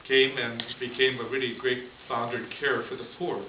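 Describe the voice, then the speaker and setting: A man's voice: medium pitch, flat delivery, fairly quick. A priest telling a story in a homily, chatty and chuckling as he goes. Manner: conversational, chuckles often. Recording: distant echoey lo-fi room recording with hiss.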